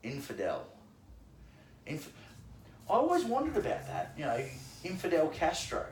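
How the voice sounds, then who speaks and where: Man, Australian accent, crude joking banter, lively swinging pitch, echoey room. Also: moderate pace, slight background noise. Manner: crude, joking, laughs often. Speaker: podcast host. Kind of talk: casual drinking banter.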